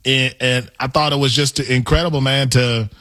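A man co-hosting a sports radio show, animated and playful in casual banter. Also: mid-range voice, moderate pace.

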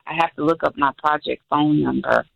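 A woman's voice: sits low, steady tone, creaky, breathy edge, no echo, dull audio. A woman researcher answering interview questions on a radio show, hesitant and full of ums. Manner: hesitant, lots of ums, spells slowly. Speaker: guest researcher.

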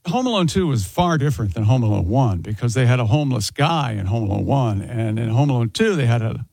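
A man's voice: medium pitch, lively intonation, brisk, creaky, darkish tone, no room sound. A man hosting a morning radio show, joking and chatting with co-hosts in the studio.

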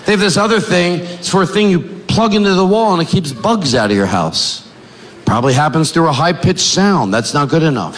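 A man's voice: a little high, lively intonation, fast, a bit bright. A man doing stand-up comedy, mocking and incredulous, acting out both sides of made-up dialogues. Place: comedy club. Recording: roomy live club recording.

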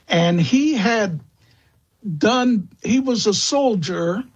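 A man speaking as a guest expert in an interview, slow and halting, with many fillers and restarts. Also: high-pitched, husky, lo-fi sound. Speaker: guest expert on vampire lore. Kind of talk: interview answers.

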